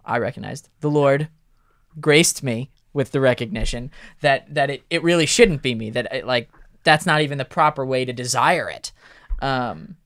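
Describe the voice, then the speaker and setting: A man's voice: medium pitch, moderate pace, a bit bright, dry recording, studio quality. A man hosting a podcast, chatting casually and asking earnest, eager questions. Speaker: podcast host. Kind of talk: casual chat.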